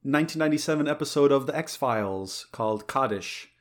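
A podcast host chats casually, his medium-pitched voice expressive and brisk. He's enthusiastic and rambling, full of fillers and restarts.

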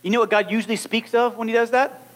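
A man preaching a sermon, animated and acting out little scenes as he talks. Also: very high voice, fast.

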